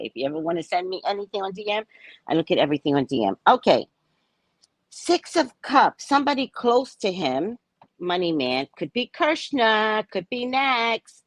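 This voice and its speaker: A woman's voice: mid-range voice, no room sound. A woman from New York, a psychic tarot reader, chatting sarcastically through a live-stream reading and laughing at her own jokes.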